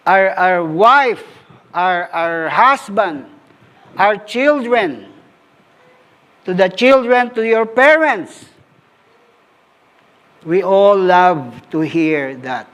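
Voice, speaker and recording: A man with a Filipino accent preaching a sermon, unhurried, repeating words as he goes and switching into Tagalog at times. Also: high-pitched. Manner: sings short worship lines while preaching.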